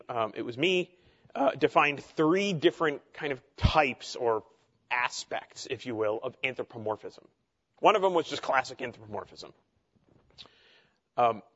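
A man's voice: mid-range voice, fairly bright tone, dull audio. A man teaching a theology class in a conversational way, with frequent fillers and asides.

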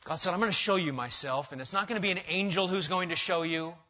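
Emphatic male preacher, bright tone. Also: high-pitched, quick pace. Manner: emphatic, rising to loud stresses then dropping quiet. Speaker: pastor. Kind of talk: sermon. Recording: dull lo-fi sound.

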